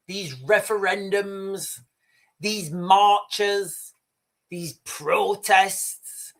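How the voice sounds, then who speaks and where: A man hosting a livestream, delivering a heated political rant full of swearing, halting restarts and repeated words. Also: sits high. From United Kingdom. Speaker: livestream host.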